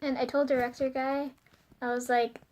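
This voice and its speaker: Giggly young woman with a high voice. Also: level tone, normal speed, a little mellow. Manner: chatty, giggly, lots of fillers like "like" and "um"; flustered and self-conscious. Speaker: vlogger. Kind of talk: casual confessional vlog.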